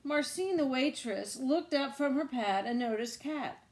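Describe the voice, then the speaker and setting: A woman reading a children's picture book aloud, animated, with asides to young listeners. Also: high voice, a little slow. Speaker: reader.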